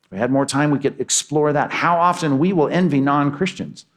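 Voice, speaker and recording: A man's voice: fairly high pitch, fairly quick. Emphatic male preacher. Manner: emphatic, repetitive preaching with rising and falling intensity. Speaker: pastor. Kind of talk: sermon.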